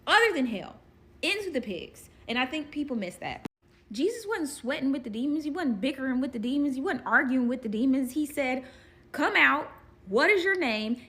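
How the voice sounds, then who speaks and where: A woman's voice: a little high, a little hiss or hum. A woman giving a casual Bible study commentary, conversational and emphatic, with rhetorical asides to listeners.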